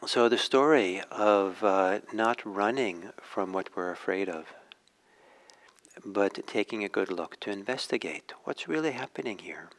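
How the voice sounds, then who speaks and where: A male meditation teacher telling a teaching story in a dharma talk, gentle and unhurried, with frequent hesitations. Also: on the low side, expressive, poor audio.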